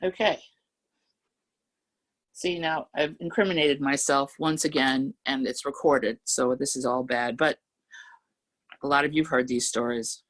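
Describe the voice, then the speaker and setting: A woman poet on a video call reading her poems slowly and telling chatty stories between them. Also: extremely low pitch, steady tone. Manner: slow, measured reading of verse, then chatty storytelling. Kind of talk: poetry reading with anecdotes.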